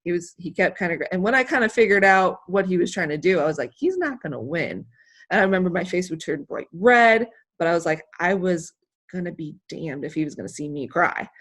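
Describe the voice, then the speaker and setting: Athlete woman guest, slightly low-pitched, animated and emotional, rambling delivery. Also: fast talker. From United States. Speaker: interview guest, hammer thrower. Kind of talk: casual interview storytelling.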